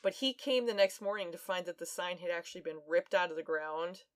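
Casually retelling a true-crime story, this female podcast co-host is chatty, laughs often and uses lots of fillers. Her voice sits on the low side and moves a little fast, with no room sound.

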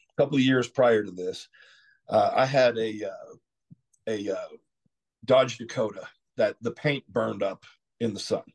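Middle-aged man from Texas, husky and gravelly voice, candid rambling podcast storytelling. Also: medium pitch. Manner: candid, rambling, clears his throat often; frequent "you know" asides. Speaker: guest.

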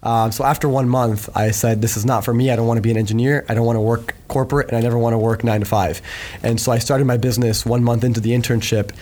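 A man in his twenties, a podcast guest, telling his story in a relaxed way with lots of fillers. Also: mid-range voice, fast. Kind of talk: casual chat.

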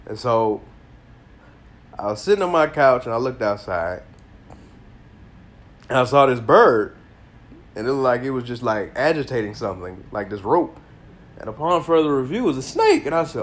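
Animated, slangy man, congested. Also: medium pitch, normal speed. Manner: animated storytelling, slangy and profane, bursts of laughter. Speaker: podcast host. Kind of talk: casual solo podcast monologue.

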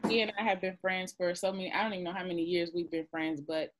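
A woman co-hosting a podcast in casual chat, lively and laughing, getting loud when excited. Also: fairly low pitch, fast talker. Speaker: podcast co-host.

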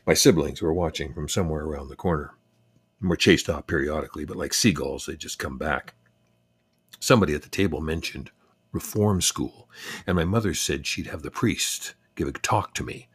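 An older man narrating a personal memoir in a reflective, unhurried, wry way. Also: extremely low pitch, husky, dry recording. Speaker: storyteller.

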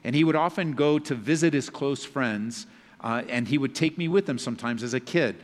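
A man preaching a sermon, swinging between loud emphatic passages and hushed, low scripture reading. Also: normal speed. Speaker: pastor. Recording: long reverb of a large hall.

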